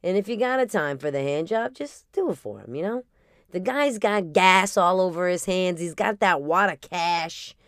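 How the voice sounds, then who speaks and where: Low-voiced jersey girl hosting her own podcast, swears a lot, smooth clear voice, dry close sound. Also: animated, normal speed, no echo. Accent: New Jersey. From New Jersey. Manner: brash, profane and playful. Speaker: podcast host. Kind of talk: casual solo podcast monologue.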